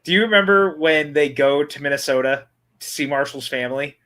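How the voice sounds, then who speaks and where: A man's voice: a little high, a little fast, sharp tone. A man co-hosting a casual movie watch-along, chatting enthusiastically about the film. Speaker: podcast co-host.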